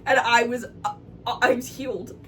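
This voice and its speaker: A young woman vlogger telling a story in a casual, animated way, swearing and laughing as she goes. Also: fairly high pitch, normal speed, far from the mic, slight background noise. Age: young adult. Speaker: vlog co-host. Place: dorm room.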